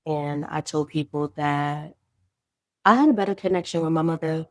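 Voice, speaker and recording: A podcast guest who founded a clothing brand speaks in a low-pitched woman's voice at a normal speed. She tells her own story of loss, faith and healing candidly, earnestly and reflectively, working through grief and faith. The studio-quality recording has no echo.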